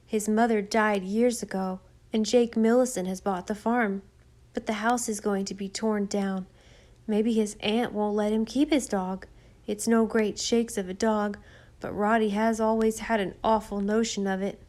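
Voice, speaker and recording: A woman's voice: medium pitch, fairly even intonation, unhurried, a little mellow, close to an everyday voice. A woman voicing a practical, matter-of-fact boy passing on local news. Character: offhand, practical boy, gossipy.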